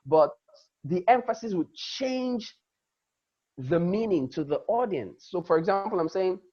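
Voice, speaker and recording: Husky man teaching public speaking. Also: high-pitched, lively intonation, measured pace, muffled recording. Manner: demonstrative, dramatically shifts emphasis and loudness. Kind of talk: lecture.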